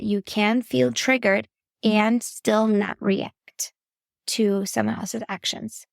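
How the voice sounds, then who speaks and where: A woman's voice: on the high side, creaky, no room sound, studio quality. A woman podcast host and parenting coach giving earnest, faith-based coaching talk straight to the listener. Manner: earnest, instructive, addresses listener directly.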